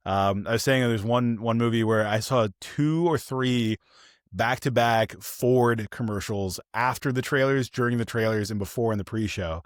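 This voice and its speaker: A man co-hosting a podcast, chatting casually about films and acting out the people in his stories with lively energy. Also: medium pitch, moderate pace, no room sound, studio quality. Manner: animated storytelling, acts out quoted people. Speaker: podcast co-host. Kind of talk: casual film review chat.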